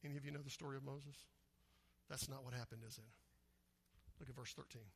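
A pastor preaching a conversational sermon, often asking the congregation questions. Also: male voice, medium pitch, steady tone, a little fast, creaky, a little hiss or hum. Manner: conversational, asks the congregation questions, acts out quotes.

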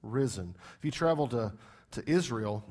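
A man's voice: on the high side, expressive, normal speed, darkish tone. A male pastor delivers a sermon in a slightly raised voice. He talks emphatically and repeats key phrases. He keeps asking his congregation rhetorical questions.

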